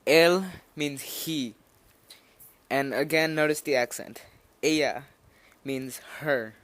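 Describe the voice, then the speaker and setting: A young man talks through a beginner's lesson in a loose, slightly nervous way, stopping and restarting his sentences. His voice is smooth and clear, recorded close up with a dry, roomless sound. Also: medium pitch, a bit bright, no room sound. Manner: nervous, rambling, hesitant with fillers and restarts. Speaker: language teacher. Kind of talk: informal spoken lesson.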